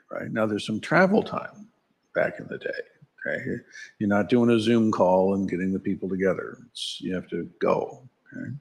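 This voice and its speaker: A man's voice: lowish voice, vocal fry, darkish tone, slightly rough. A man giving a conversational dharma talk at a temple, wry and asking his listeners questions. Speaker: dharma teacher. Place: temple hall.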